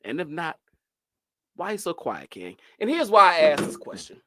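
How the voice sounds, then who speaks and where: A man's voice: a little high, wildly swooping pitch, normal speed, bright, forceful tone, slight background noise. A man hosting a casual podcast chat, asking long rambling questions and laughing often. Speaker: podcast host.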